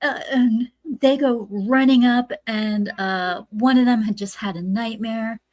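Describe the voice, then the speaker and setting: A woman's voice: on the high side, fairly even intonation, unhurried, darkish tone, no echo. Woman host recapping a film scene by scene, lots of uhs, dry close sound. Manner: retells scenes step by step with many fillers. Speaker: podcast host. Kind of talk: casual movie review chat.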